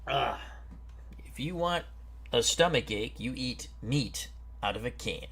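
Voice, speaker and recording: A man hosting a football strategy game stream, reading out team rosters and greeting viewers in a chatty, unhurried way. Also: medium pitch, animated, creaky, a bit bright, husky. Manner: slow, chatty, greets viewers and stumbles over names. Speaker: host. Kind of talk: casual game commentary.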